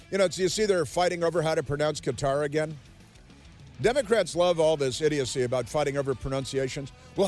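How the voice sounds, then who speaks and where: A man's voice: a little high, darkish tone. A man hosting a political talk radio show, sarcastic and combative. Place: radio studio. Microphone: studio microphone.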